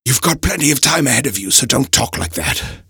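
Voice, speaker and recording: Brief: a man playing a frail old professor, high strained voice, breathless and insistent, storybook reading. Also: very animated, brisk, creaky, sharp tone, slightly rough, no room sound, clean studio sound, exaggerated voice. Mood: weary. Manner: urgent, breathless pleading.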